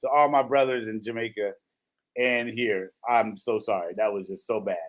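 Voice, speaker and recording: A man's voice: fairly low pitch, fairly even intonation, normal speed. A middle-aged man hosting a radio talk show, chatty and joking, rambling with restarts. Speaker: radio host.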